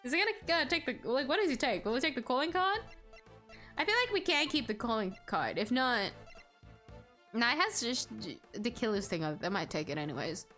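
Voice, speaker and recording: A woman's voice: fairly high pitch, sing-song, fairly quick, pushed and bright, faint music behind. A woman casually commenting while she plays a game and voices its characters, chatty and self-deprecating. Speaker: game player voicing the characters.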